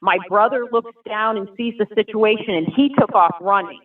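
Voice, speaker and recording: A woman's voice: medium pitch, normal speed. Earnest woman's testimony over a tinny line. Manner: earnest, vivid storytelling. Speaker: guest sharing a personal testimony. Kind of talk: emotional personal testimony. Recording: tinny phone-like sound from far off.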